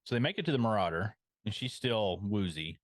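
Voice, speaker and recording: Low-voiced man, joking on a podcast. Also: animated, no room sound. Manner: jokey asides and quick agreement. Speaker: podcast co-host. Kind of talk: casual chat.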